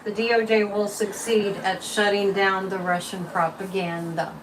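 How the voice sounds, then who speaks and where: A woman hosting a psychic livestream, reading viewer comments and pulling tarot cards in an opinionated, casual chat with lively swings in pitch and loudness. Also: normal speed. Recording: distant mic with faint room noise.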